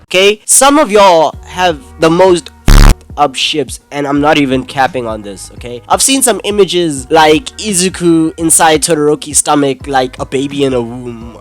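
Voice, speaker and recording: A man's voice: fairly high pitch, expressive, moderate pace, soft background music. A young man giving an angry, exasperated, swearing commentary rant. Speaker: commentary YouTuber. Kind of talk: ranting video commentary.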